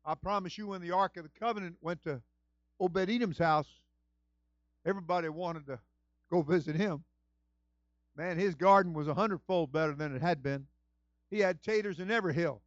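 A man preaching as senior pastor, animated, building to shouts. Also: high-pitched, no room sound. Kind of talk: sermon. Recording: dull lo-fi dry recording.

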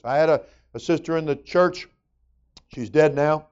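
A man's voice: fairly high pitch, a little slow, a little mellow, smooth, highs cut off. A man preaching a sermon as pastor, folksy and conversational with emphatic rising bursts.

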